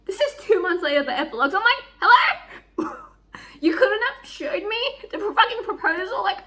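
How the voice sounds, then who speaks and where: A young woman chatting excitedly in a book vlog, gushing, giddy and swearing freely. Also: extremely high pitch, a little fast. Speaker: book vlogger. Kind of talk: excited reading vlog chat.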